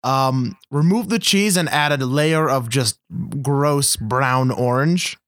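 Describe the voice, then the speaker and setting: A man's voice: medium pitch, takes it slowly, a bit bright, dry recording, studio quality. A man co-hosting a podcast, chatting casually about a movie with sarcastic, profane jokes. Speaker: podcast co-host. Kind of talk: casual movie review chat.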